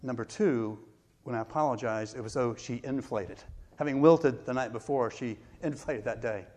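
Middle-aged man, pastor, sermon delivery, personal storytelling, mid-pitched voice. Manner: storytelling, warm pauses, self-deprecating laughs.

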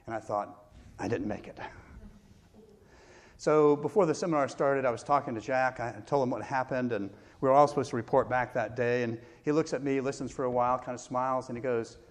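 Middle-aged man, pastor, sermon delivery, personal storytelling, mid-pitched voice. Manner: storytelling, warm pauses, self-deprecating laughs.

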